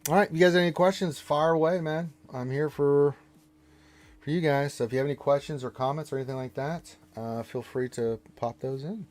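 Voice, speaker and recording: A man's voice: on the high side, steady tone, a little fast, darkish tone. A man hosting a casual live game stream, reading the chat aloud and teasing viewers with mock-stern playfulness.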